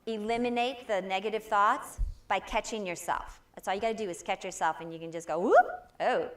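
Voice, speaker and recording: A woman delivers a live inspirational talk at a spiritual center, lively and encouraging as she prompts the audience to answer back. Her voice is mid-range and brisk.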